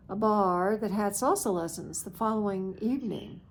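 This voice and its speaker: A woman's voice: medium pitch, moderate pace, hardly any pauses, slight background noise. A woman in her sixties tells a story in a casual vlog, chatty and self-mocking, laughing at her own misadventure. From United States. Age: 60s. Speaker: vlogger.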